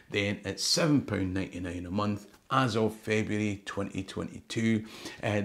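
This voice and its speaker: A Scottish man hosting his own channel, talking to camera in a chatty, wry way and dropping Scots words into his English. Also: fairly low pitch. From Scotland. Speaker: history tour guide and channel host. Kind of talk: casual talk to camera.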